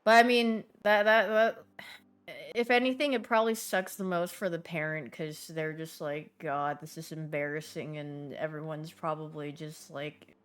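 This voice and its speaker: A young woman streaming, chatting casually with her viewers and telling stories with lively voiced reactions. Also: fairly low pitch, moderate pace, smooth.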